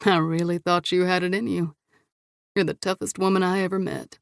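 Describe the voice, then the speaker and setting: A woman's voice: lowish voice, little pitch movement, normal speed, gravelly, dry recording, clean studio sound. A woman voicing a menacing, smirking male killer in an audiobook, taunting and cold.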